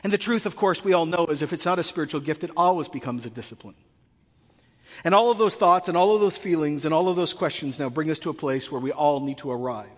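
A male pastor from North America preaching a sermon, acting out comic dialogues in an animated way. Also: on the high side, fast, long reverb tail.

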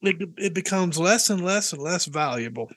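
A man's voice: sits high, lively intonation, moderate pace, fairly bright tone, no room sound. A man co-hosting a casual Christian podcast, joking and teasing as he talks, chuckling often. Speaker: podcast co-host.

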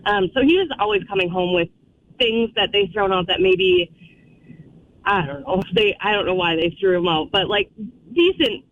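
High-voiced rambling man on a muffled phone line. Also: lively intonation, moderate pace, slight background noise. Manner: giggly, rambling storyteller. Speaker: caller. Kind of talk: phone-in storytelling.

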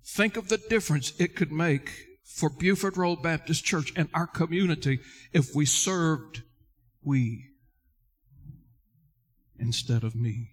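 A man's voice: a little high, normal speed. A male pastor preaching a sermon earnestly, addressing listeners directly and repeating key words for emphasis.

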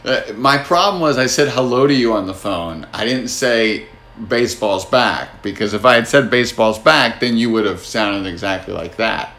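A man's voice: fairly low pitch, normal speed, sharp tone, slight background noise. A man with a New Jersey accent hosting a casual sports podcast, talking in a wry, teasing, easygoing way. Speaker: podcast host.

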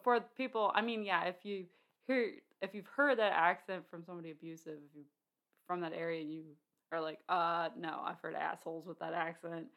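A woman talking films in a relaxed back-and-forth, her voice sitting a little low. She rambles and restarts her sentences, with plenty of fillers. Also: a little fast. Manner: chatty, many fillers and restarts. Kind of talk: casual film discussion.

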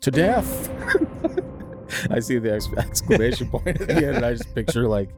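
A man's voice: medium pitch, quick pace, a little mellow, faint music behind. A man co-hosting a podcast, chatting casually and teasing his co-host. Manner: joking, teasing. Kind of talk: casual chat.

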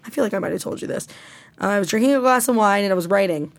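A young woman casually telling a long story on a podcast, animated and full of swearing. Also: medium pitch, very fast, creaky, no room sound. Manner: profane, animated, rambling storytelling.

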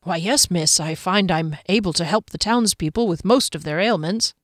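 A woman's voice: fairly low pitch, normal speed, no echo, clean studio sound, natural voice. A woman voicing a nervous, scrawny little male herbalist who stammers and stays stiffly polite.

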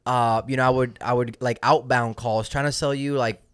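A man's voice: mid-range voice, fairly even intonation, moderate pace, fairly bright tone, clean tone, no echo. A young man, a podcast guest in a studio who tells rambling stories with many restarts and mixes in Spanish phrases. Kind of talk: casual chat.

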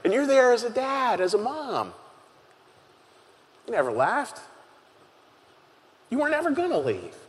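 A man preaching a sermon as pastor, earnest and halting, often repeating his key phrases for emphasis. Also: very high-pitched, huge pitch swings. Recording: long hall reverb.

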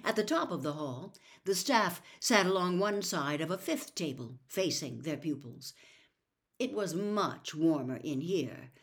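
A woman narrating a children's fantasy novel aloud, expressive and lively. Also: sits low, a little slow. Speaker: storyteller. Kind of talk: audiobook reading.

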